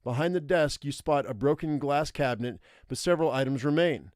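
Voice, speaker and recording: A young adult man streaming live, reading an interactive survival story aloud and thinking out loud over his choices. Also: fairly high pitch, a little fast, no echo, clean studio sound.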